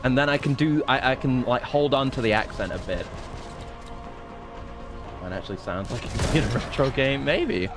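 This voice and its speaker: A man's voice: medium pitch, moderate pace, long pauses, music in the background. Swearing, joking male game streamer. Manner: profane, joking, rambling. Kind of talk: casual gameplay commentary.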